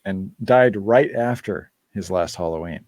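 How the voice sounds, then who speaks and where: A man's voice: deep voice, a little slow, a little mellow, no room sound. A man hosting a live-stream Q&A in casual chat, rambling through asides and laughing often. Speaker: band member hosting a live Q&A.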